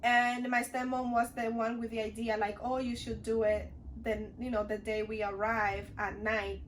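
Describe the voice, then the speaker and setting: A woman's voice: on the high side, level tone, moderate pace, a little hiss or hum. A young woman from the Dominican Republic telling a storytime vlog in a chatty, rambling way, full of "like" and restarts. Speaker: vlogger. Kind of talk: casual storytime chat.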